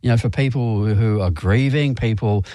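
A man co-hosting a radio fundraising drive, warm and effusive, thanking listeners by name. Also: fairly low pitch, normal speed, no echo, clean studio sound. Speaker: radio co-host. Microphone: studio microphone.

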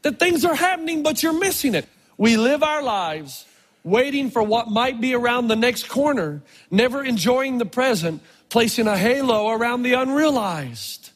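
Husky high-voiced preacher in a hall. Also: male voice, moderate pace. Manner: animated, shifts from hushed to loud for emphasis. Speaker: pastor. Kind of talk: sermon storytelling. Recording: long reverb in a large hall.

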